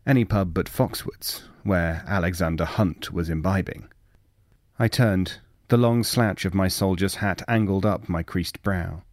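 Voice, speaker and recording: Male audiobook narrator, lowish voice, measured and wry, dry close sound. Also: a little mellow, no echo. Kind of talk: dramatic story reading.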